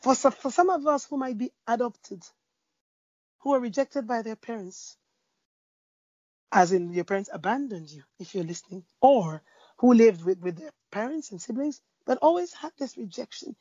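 A woman preaching in conversation, spinning a story with plenty of restarts and fillers. Her voice sits a bit high and sounds husky and mellow. The recording is dry and somewhat dull. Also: expressive, normal speed, no echo. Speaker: Christian speaker.

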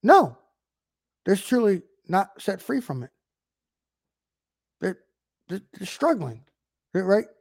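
A man's voice: high-pitched, sing-song, takes it slowly, gravelly, pauses often, darkish tone, no room sound, clean studio sound. A man giving an informal video sermon, emphatic, often checking in with rhetorical questions. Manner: emphatic, keeps asking "right?". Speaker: online preacher.

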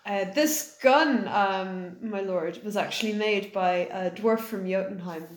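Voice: medium pitch, unhurried, reverberant, poor audio. A tabletop game player speaking earnestly and apologetically. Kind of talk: tabletop role-play.

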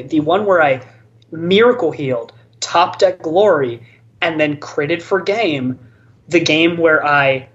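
A podcast co-host in casual chat, retelling a card game match in a rambling way, with lots of restarts and stammers. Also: medium pitch. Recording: dull lo-fi audio.

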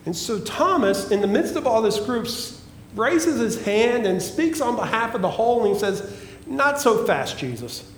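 A male pastor preaching a sermon, emphatic and repetitive, dropping at times to a hushed, pleading tone. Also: extremely high pitch, expressive, moderate pace, slight background noise. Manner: emphatic preaching with repeated phrases and swings from loud to hushed. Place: church sanctuary. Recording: echoey church hall.

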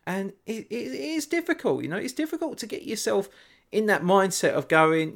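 Man, podcast host, casual chat, lively storyteller, casual swearing, slightly high voice. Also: moderate pace, creaky.

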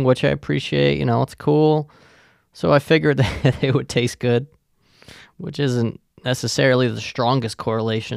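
A man with a gravelly, fry-heavy voice hosts a podcast, rambling sarcastically and swearing freely. His voice sits in an ordinary male range and is recorded dry and close, with no room sound. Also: medium pitch, no echo. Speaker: podcast host. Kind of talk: casual comedic monologue.

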